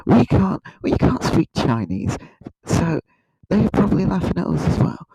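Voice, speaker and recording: A man's voice: sits high, very animated, moderate pace, creaky, dark tone, breathy edge, no echo, low-quality recording. A man hosting a satirical comedy video, rambling in a mock-serious way and often tripping over his words. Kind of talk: satirical monologue to camera.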